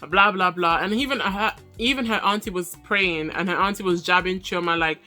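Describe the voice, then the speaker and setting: A young woman hosts a casual, chatty review of a reality show, full of sass and quick asides. Her voice is bright and forceful, and faint music plays behind her. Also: lowish voice. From Nigerian heritage. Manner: chatty, sassy, laughs often.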